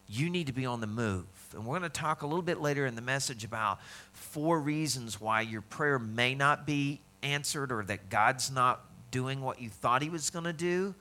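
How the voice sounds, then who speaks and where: A man preaching a sermon in a bright, forceful voice. His delivery is conversational, and he slips into the voices of the people he quotes. He sounds like a pastor speaking to his congregation. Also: mid-range voice.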